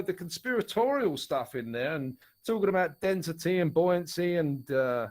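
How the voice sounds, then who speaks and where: A middle-aged musician and author from Essex, England, speaks with an Essex English accent as a guest in a casual chat. His voice sits on the high side, is slightly mellow and animated, and moves at a normal pace while he rambles and keeps restarting his sentences.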